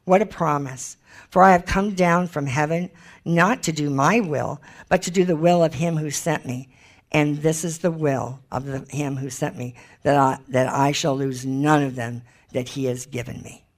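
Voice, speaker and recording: A woman's voice: sits low, normal speed. Woman, Bible teacher, informal teaching, chatty, emphatic, thinks aloud.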